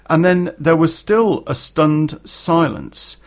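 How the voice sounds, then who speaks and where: A man's voice: fairly high pitch, very animated, unhurried, hardly any pauses. A middle-aged man telling a personal story for a podcast in a blunt, earthy way, with swearing and plenty of fillers. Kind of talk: casual spoken storytelling.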